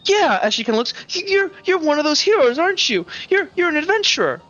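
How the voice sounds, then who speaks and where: A game master voicing an awestruck little village girl who stammers with excitement. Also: sits high, fast, dull audio, pitched above the performer's own voice.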